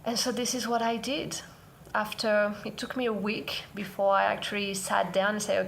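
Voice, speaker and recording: Soft, earnest woman with vocal fry. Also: mid-range voice, level tone, moderate pace, slight background noise. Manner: earnest, soft-spoken, reflective. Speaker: parenting vlogger. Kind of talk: heartfelt personal sharing to camera.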